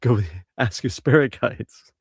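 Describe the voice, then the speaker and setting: A man's voice: medium pitch, a little slow, slightly rough, no room sound, studio quality. A man giving psychic readings on a live stream, talking hesitantly with many fillers and restarts. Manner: laughs lightly at his own slips. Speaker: psychic reader and co-host.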